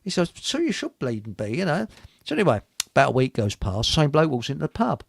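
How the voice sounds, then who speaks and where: Gravelly, lively man telling jokes. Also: on the high side, quick pace, few pauses, no room sound, studio quality. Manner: chuckling, rambling joke-teller who stumbles over lines. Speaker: radio show host. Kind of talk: casual chat telling pub jokes.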